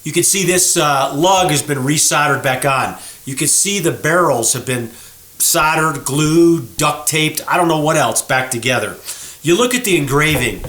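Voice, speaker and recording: With a slightly high voice at a moderate pace, the host and owner of a gunsmith shop chats from his reverberant workroom. He casually explains a gun's flaws to viewers, keeping a folksy, animated tone and referring to them as folks.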